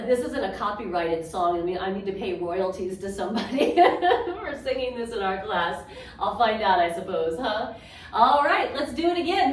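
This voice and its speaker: A woman leading an adaptive yoga class, guiding vocal and movement exercises in an encouraging, chatty way. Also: fairly high pitch. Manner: slow, encouraging, chatty with small laughs. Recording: roomy, distant mic with faint ambience.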